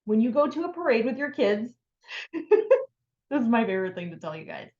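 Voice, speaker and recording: A woman's voice: fairly high pitch, sing-song, moderate pace, a little mellow, echoey room, lo-fi sound. A woman giving a casual, upbeat how-to talk on sales and networking, full of filler words. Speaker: sales trainer.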